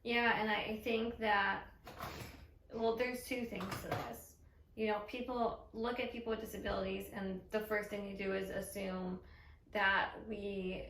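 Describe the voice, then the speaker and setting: A woman's voice: medium pitch, vocal fry, fairly bright tone, echoey room, recorded from a distance, a little hiss or hum, rough recording. A woman co-hosting a casual chat, earnest and supportive, reflecting at length with many fillers. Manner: earnest, supportive, talks in long reflective runs. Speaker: co-host.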